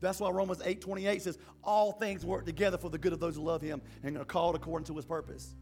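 A man's voice: a little high, level tone, fast, vocal fry, darkish tone, soft background music. A man preaching a sermon as pastor, impassioned, repeating himself and restarting phrases.

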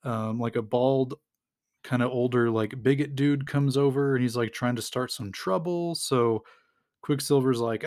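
An American man hosting a podcast, casually recapping a comic storyline with lots of fillers and quick little acted-out quotes. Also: medium pitch, a little mellow. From United States. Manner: rambling, lots of fillers, acts out quotes lightly. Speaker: podcast host.

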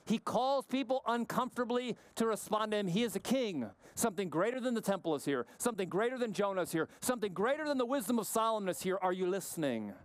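High-voiced, crisp male preacher. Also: no echo. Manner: emphatic, questioning, varies pace and drops low for weight. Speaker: pastor. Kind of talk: sermon.

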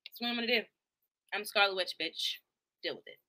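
Woman doing a defiant, raging sorceress, bright-toned, dropping to a hushed growl. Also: medium pitch, a little fast, close to an everyday voice. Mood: defiant rage. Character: furious sorceress mother bent on destruction.

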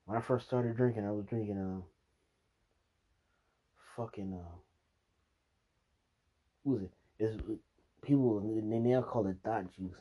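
A man's voice: fairly low pitch, unhurried, pauses often, mellow. A young man vlogging, telling a rambling, profane drinking story and laughing at himself. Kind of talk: casual storytelling monologue.

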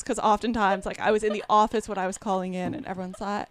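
Female host with a North American accent, chatty and animated, medium pitch. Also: a little fast, few pauses. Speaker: podcast host. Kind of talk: casual chat.

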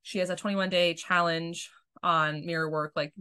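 A woman's voice: lowish voice, fairly even intonation, normal speed, pushed and bright, clear, resonant tone. A woman coach speaking casually and frankly about her own experience, swearing freely and acting out what she once said to herself. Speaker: self-love coach. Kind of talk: candid personal storytelling.

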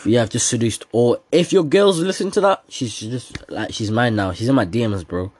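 With a mid-range voice at normal speed, a teenage boy hosts a laid-back solo podcast. He jumps between topics, jokes around, laughs a lot, and leans heavily on slang.

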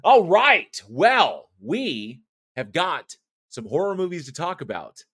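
A man with a bright, forceful voice chats casually about horror films as a podcast co-host. He rambles, restarts his sentences and laughs often. The sound is close and dry, with no room around it. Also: on the high side, sing-song, takes it slowly, slightly rough, no echo. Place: home office.

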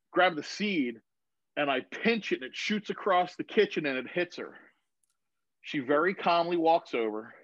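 Animated swearing storyteller, a man in his thirties. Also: on the high side, dry recording. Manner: animated storyteller, swears freely, acts out quoted voices. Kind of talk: casual chat. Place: home garage. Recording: dull, slightly lo-fi sound.

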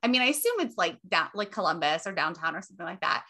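A young woman chats loosely on her podcast in a bright, forward voice, gushing, stressing her words, and swearing freely. Her pitch is fairly low and sing-song, and she talks fast.

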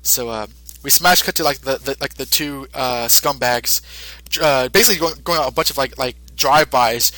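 A man's voice: mid-range voice, pushed and bright, dry recording, low-quality recording. A male podcast host casually recapping an episode, rambling with lots of fillers.

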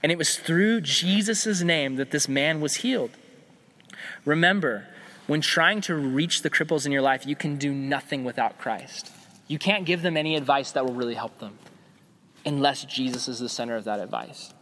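A young adult man preaching a casual sermon as a youth pastor, conversational and animated, acting out quoted voices. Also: a little high, moderate pace. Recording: long hall reverb.

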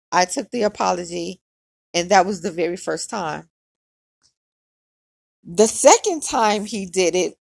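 A woman's voice: mid-range voice, gravelly, no room sound. A woman telling a personal story on her podcast in a candid, conversational way, with lots of "like". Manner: candid and conversational, heavy use of "like".

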